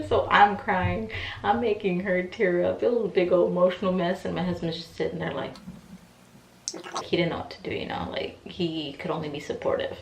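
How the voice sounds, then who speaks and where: A woman's voice: on the low side, a little hiss or hum. A woman in her twenties telling a personal story in a casual, emotional way, acting out the voices of the people in it. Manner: chatty, emotional, acts out quoted voices. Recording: echoey room, mic at a distance.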